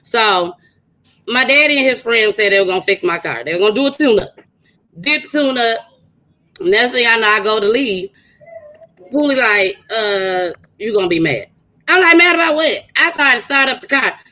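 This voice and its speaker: A woman co-hosts a podcast with a bright, forceful voice, set fairly high. She tells stories loudly and with animation, swearing freely and laughing along the way. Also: animated, moderate pace, low-quality recording. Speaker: podcast co-host. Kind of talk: casual chat and storytelling.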